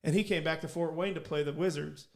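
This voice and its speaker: A man, co-hosting a podcast and telling rambling, animated stories. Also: fairly high pitch, fast talker, vocal fry. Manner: rambling, animated storyteller with restarts. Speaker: podcast co-host. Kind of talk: casual storytelling chat.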